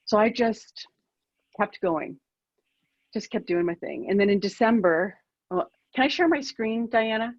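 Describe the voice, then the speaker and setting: A woman's voice: medium pitch, lively intonation, normal speed, no echo, highs cut off. A woman in her fifties, a keynote speaker, telling a personal story over a video call in a candid, self-deprecating way.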